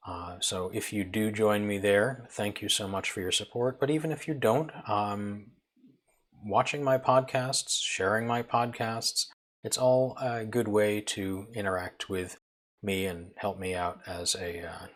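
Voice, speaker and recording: A man's voice: fairly low pitch, a bit bright. A man hosting his own podcast, talking casually about his knitting work with frequent ums and uhs. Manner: halting, many ums and uhs. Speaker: podcast host, knitting designer. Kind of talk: casual solo podcast talk. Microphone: video podcast mic.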